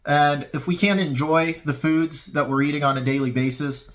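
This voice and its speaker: A man's voice: a little high, fairly even intonation, moderate pace. A man hosting a casual cooking tutorial in a home kitchen, chatting loosely to his viewers. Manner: chatty, loose, talks to viewers while eating. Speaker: fitness cooking channel host. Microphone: camera mic on a tripod.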